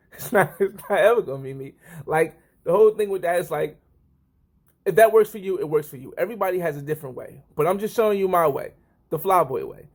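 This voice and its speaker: A man's voice: high-pitched, brisk. A man in his thirties talking casually to the camera, rambling and often correcting himself. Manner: rambling, self-correcting, lively. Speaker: vlogger.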